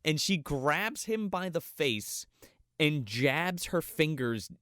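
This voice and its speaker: A man's voice: on the high side, lively intonation, slow, a bit bright, dry recording. A man co-hosting a podcast, chatting casually and retelling movie scenes with lots of swearing and laughter. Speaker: podcast co-host. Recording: dry close mic.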